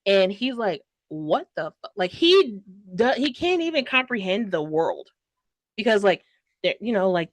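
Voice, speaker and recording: A woman's voice: mid-range voice, fairly bright tone, no echo. A young woman giving a casual, dramatic book review, full of fillers and rambling asides. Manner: gushing, dramatic, heavy filler "like".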